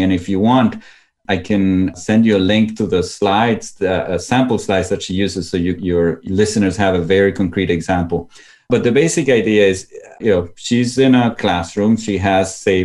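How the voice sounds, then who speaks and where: A man's voice: on the low side, a little mellow. A man interviewed as an educator, explaining in a thoughtful way and sometimes restarting his sentences. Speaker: guest educator. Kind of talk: conversational interview.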